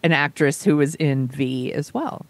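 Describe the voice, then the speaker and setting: A woman's voice: deep voice, measured pace, dry recording. A woman co-hosting a podcast, chatting and reacting to the story. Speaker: podcast co-host. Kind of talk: casual chat.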